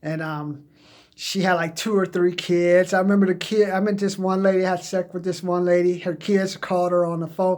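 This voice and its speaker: A man's voice: high-pitched, fairly even intonation, moderate pace. A middle-aged man from Southern California, telling candid, rambling stories about his own past as job-search advice. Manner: rambling, candid, drifting into quoted voices. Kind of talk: casual personal storytelling.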